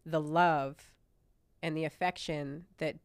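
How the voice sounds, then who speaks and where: A woman's voice: deep voice, fairly even intonation, takes it slowly, clear, resonant tone, no room sound. A woman in her thirties from Montana, a podcast guest talking candidly and chattily about her family, cursing now and then. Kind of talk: casual interview chat.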